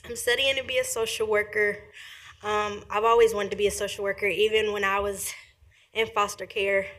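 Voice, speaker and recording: A young woman at a podium microphone in a meeting room, giving a public comment. She talks quickly and earnestly, with plenty of ums, and sounds grateful. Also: mid-range voice, level tone, fairly bright tone. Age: young adult. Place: county commission meeting room.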